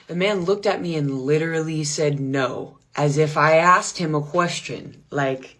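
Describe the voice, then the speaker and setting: Woman, lower pitch, comedic storytelling, self-deprecating, animated. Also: measured pace. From United States. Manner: animated, self-deprecating, laughs between lines.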